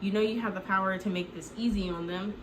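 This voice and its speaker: A woman's voice: medium pitch, fairly even intonation, quick pace, background noise, lightly acted. A woman doing a smug scheming young man.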